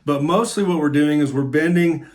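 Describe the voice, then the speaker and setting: A man's voice: fairly high pitch, moderate pace, darkish tone. A middle-aged man giving a casual guitar lesson, talking in a friendly, encouraging way and thinking aloud as he shows the moves. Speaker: guitar teacher. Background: guitar playing.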